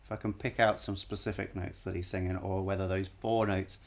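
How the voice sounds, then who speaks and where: A man's voice: deep voice, level tone, a little fast, creaky. A man analyzing a song on a live stream, casually singing short bits of melody to show the notes and often stopping to correct himself.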